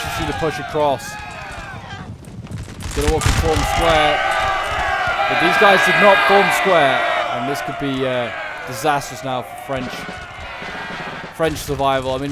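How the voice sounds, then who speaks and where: Over a very noisy recording, a mid-range male voice casually talks through a strategy game battle off the cuff. He reasons aloud, with frequent pauses.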